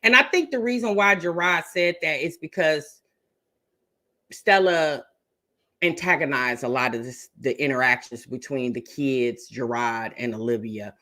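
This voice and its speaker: A woman's voice: very deep voice, measured pace, pushed and bright. A woman hosting a reaction channel, chatting to viewers and calling them y'all and baby. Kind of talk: casual commentary to viewers.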